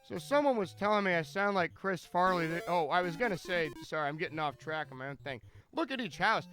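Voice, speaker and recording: High, bright-voiced joking streamer. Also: male voice, lively intonation, a little fast, soft background music. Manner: rambling, jokey, stammering restarts. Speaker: speedrunner commentating his own run. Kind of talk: live stream commentary.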